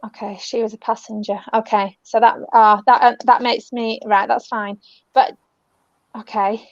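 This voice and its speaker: British woman medium, gentle and soothing, slightly high, muffled dry recording. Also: flat delivery, moderate pace, no room sound. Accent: British English. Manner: gentle, soothing, calls people love and darling. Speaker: spiritual medium. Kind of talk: live online reading. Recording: dull, dry lo-fi audio.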